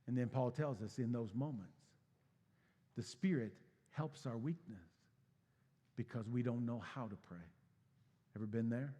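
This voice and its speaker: A man preaching a sermon as pastor, swinging from hushed, low passages to loud, emphatic bursts. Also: unhurried, pauses often. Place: church sanctuary. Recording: long hall reverb.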